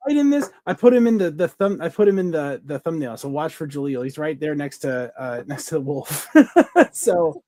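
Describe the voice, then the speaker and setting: A man's voice: on the high side, very animated, moderate pace, hardly any pauses, mellow, no echo. A man co-hosting a podcast, chatting casually and enthusiastically in a rambling way, full of fillers and restarts. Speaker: podcast co-host. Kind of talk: casual review chat.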